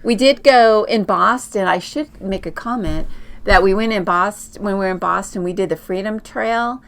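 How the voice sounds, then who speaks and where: A middle-aged woman co-hosts a casual quilting podcast, her mid-range voice creaky and a bit bright at a moderate pace. She's a chatty storyteller, recounting long travel tales full of fillers and restarts.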